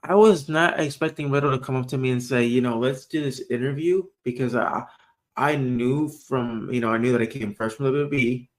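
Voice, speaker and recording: A man hosting a small podcast at an everyday middle pitch. He retells a story in an excited, eager way. He keeps restarting his sentences as the words tumble out. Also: fairly quick. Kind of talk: casual podcast chat.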